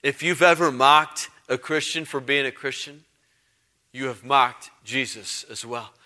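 Bright-voiced male pastor preaching. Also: medium pitch, unhurried. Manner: conversational, emphatic, with repeated phrases. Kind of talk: sermon.

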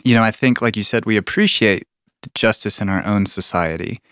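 A man's voice: fairly low pitch, a little fast, a bit bright, no room sound, clean studio sound. A man earnestly explaining theology in a conversational discussion, often restarting his sentences.

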